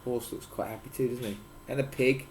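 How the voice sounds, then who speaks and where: A dad reads a picture book aloud to his kids, chatty and playful, stopping to explain words. His voice sits at a middling pitch. Faint background hiss runs under the home recording. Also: fairly even intonation, a little fast. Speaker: father reading to his children.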